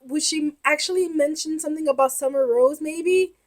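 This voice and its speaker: A young woman hosting a reaction video, gushing and emotional, often shouting and giggling as she comments. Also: high voice, normal speed.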